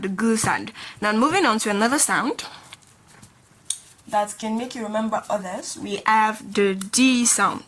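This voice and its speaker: A woman's voice: mid-range voice, fairly bright tone. A woman teaching a beginner language lesson, patiently repeating each sound many times while she explains stroke order. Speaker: Korean teacher.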